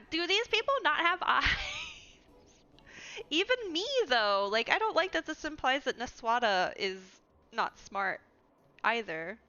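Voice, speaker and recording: A woman with a fairly high, bright voice and a forceful tone streams a game from home, chatting casually, laughing often and talking to her cat. The audio sounds dull.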